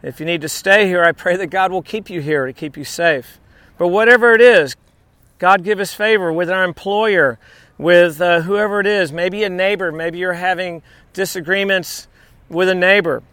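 Man, pastor, conversational sermon, asides, high pitch, crisp bright tone. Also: moderate pace, no room sound. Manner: conversational preaching with asides and restarts.

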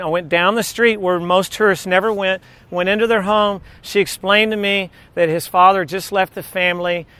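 A man's voice: high-pitched, sharp tone. A man preaching a sermon, telling stories and asking the audience questions. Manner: storytelling, asks the audience questions.

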